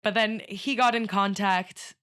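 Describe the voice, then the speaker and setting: A woman from Portugal with a Portuguese accent, a podcast guest telling stories in an animated way, laughing often and acting out what others said. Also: mid-range voice, measured pace, smooth. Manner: animated, laughs often, acts out quoted speech. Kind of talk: casual storytelling.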